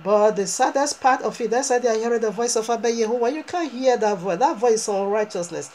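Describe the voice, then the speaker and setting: A woman's voice: on the high side, quick pace, a little mellow, a little hiss or hum, poor audio. A woman preaching a fervent sermon, driving her points home with emphatic rhetorical questions.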